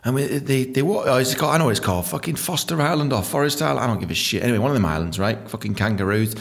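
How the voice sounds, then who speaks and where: A young man rambles through a comic podcast monologue, swearing freely. His pitch swings widely as he jumps between voices and asides, in a middle register. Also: racing, creaky. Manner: profane, animated storytelling with sudden high-pitched voices. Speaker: podcast host.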